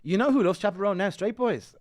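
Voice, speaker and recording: A man with a Dublin accent, a guest comedian telling quick, joking stories in casual podcast chat. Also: high-pitched, expressive. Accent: Irish, Dublin.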